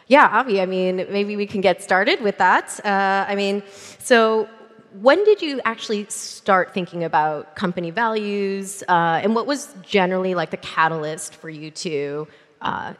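A woman's voice: mid-range voice, unhurried, a bit bright. A woman venture capitalist interviewing a founder on stage, asking questions casually with fillers. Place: conference stage in a large hall. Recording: long hall reverb.

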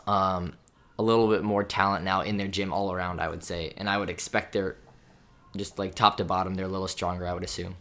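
A man who coaches volleyball, explaining a team's situation in a measured, hedging way during a casual chat. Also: low voice, level tone, fairly bright tone.

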